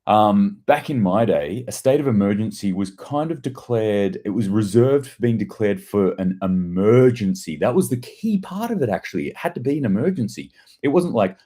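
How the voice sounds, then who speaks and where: A deep-voiced man hosts a casual daily news livestream. He reads headlines and viewer comments, then slides into profane, sarcastic rants. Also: sing-song, normal speed, dark tone. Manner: profane, ranting, sarcastic asides.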